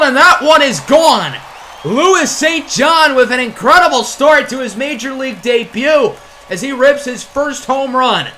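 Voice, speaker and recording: A man giving play-by-play commentary over a video game, excitable on big plays with wry asides. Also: high voice, slight background noise. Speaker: gaming channel host.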